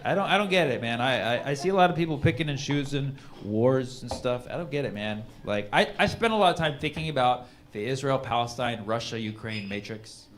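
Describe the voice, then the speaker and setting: Stand-up guy rambling on stage, lively pitch, kinda noisy recording. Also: fairly quick, hardly any pauses. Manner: rambling, conversational, frequent restarts. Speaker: stand-up comedian. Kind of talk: stand-up set.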